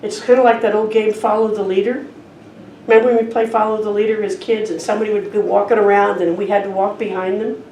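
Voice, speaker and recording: A woman's voice: mid-range voice, level tone, fast talker, warm tone. A woman minister giving a sermon in a conversational storytelling manner, in a church. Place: church sanctuary. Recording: roomy, distant church hall recording with faint noise.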